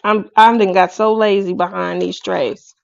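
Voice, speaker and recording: A woman's voice: mid-range voice, fairly even intonation, unhurried, gravelly, no room sound, dull audio. A woman hosting a craft video, chatting casually to her viewers and laughing often. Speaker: craft channel host.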